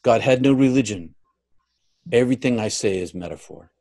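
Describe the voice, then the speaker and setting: Speaking at a normal speed, this male guest shares something from his own life with sincerity. He gets louder at the peaks, then quiets down as he wraps up.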